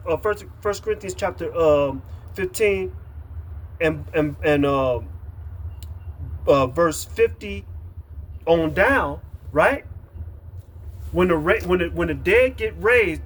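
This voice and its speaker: A man's voice: sits high, breathy edge. A man preaching a sermon, reading Bible verses aloud and repeating them, with many fillers and emphatic lists. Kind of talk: street-camp sermon, reading scripture aloud.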